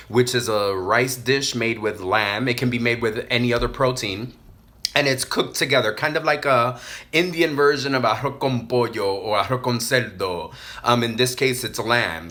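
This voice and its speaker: A young adult man from Puerto Rico chats loudly and playfully while eating, humming with pleasure between bites. His voice is bright and forceful, sitting at an ordinary middle pitch for a man. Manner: loud, playful and animated, with frequent hums of enjoyment. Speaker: mukbang vlogger. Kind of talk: casual chat while eating.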